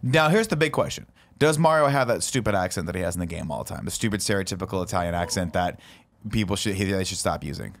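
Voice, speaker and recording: Animated man spinning a story. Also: fast, creaky, slight background noise. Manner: animated storyteller, pitching a movie plot with swearing and asides. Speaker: podcast co-host. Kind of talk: casual chat.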